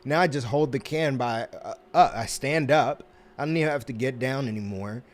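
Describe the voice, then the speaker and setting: A man hosts a laid-back self-help talk, his voice sitting in a plain middle pitch. He rambles through stories with lots of restarts and fillers. He slips into quick put-on voices to act out little scenes. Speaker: host.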